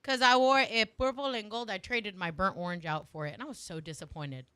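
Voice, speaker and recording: A woman's voice: mid-range voice, fairly quick, clean tone, no room sound. A woman co-hosting a sports radio show, joking and laughing through playful banter. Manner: joking, animated, laughs often. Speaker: co-host.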